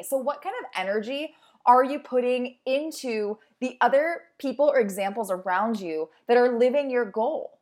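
A woman's voice: on the high side, lively intonation, normal speed. A young adult woman, a fitness instructor and host, giving an upbeat, encouraging motivational talk in a conversational way. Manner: upbeat, encouraging, conversational with acted-out inner voices. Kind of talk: motivational monologue.

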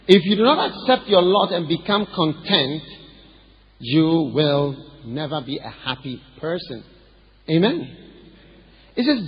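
A man preaching a sermon, emphatic, often saying "Amen" and slowing down on key phrases. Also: slightly rough. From Ghana. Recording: hall reverb, dull low-fi sound.

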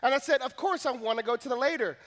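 High, bright-voiced young male preacher. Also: fast. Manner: animated, self-mocking storyteller. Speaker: pastor. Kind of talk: sermon with humorous story.

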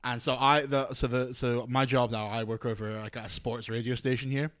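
A Scottish man with an ordinary mid-range voice, chatting as a guest on a podcast. He is relaxed, laughs often and swears casually. The recording is dry and close. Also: mid-range voice, brisk, no room sound. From Scotland. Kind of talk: casual chat.

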